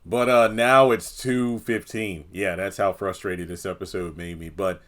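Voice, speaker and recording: Man, lowish voice, casual solo TV review, exasperated, rambling. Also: steady tone, unhurried, a bit bright. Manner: exasperated, rambling, acts out characters' lines. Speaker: TV review channel host.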